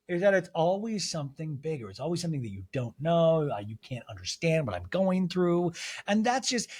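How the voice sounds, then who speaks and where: A man hosting a podcast, giving a solo comedic TV recap in a gossipy, profane way. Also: a little high. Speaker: podcast host.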